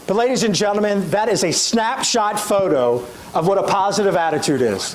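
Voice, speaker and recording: A man's voice: sits high, fairly quick, a little hiss or hum, low-quality recording. A middle-aged man, giving a storytelling motivational keynote and speaking straight to the audience. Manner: animated, addresses audience directly.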